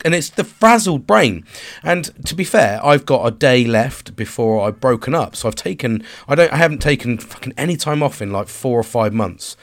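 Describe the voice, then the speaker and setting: Man, stressed, tired, sweary, rambling, candid vlog confession. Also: fairly high pitch. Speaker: vlogger and father.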